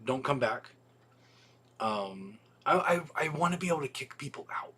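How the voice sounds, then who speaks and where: Husky, rambling livestream host. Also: male voice, mid-range voice, lively intonation, moderate pace, pushed and bright. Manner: rambling, profane, with many ums and restarts. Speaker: video store owner hosting a weekly livestream. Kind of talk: casual livestream chat.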